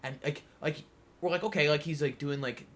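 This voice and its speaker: A young man with a slightly high, somewhat bright voice talks briskly as a podcast co-host. In casual storytelling chat, he rambles through a long anecdote packed with fillers.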